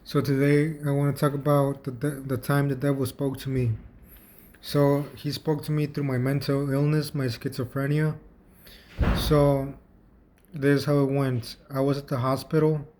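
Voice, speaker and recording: A man vlogging, telling a personal story in a casual, halting way with frequent restarts and repeated words. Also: mid-range voice, level tone, darkish tone, a little hiss or hum.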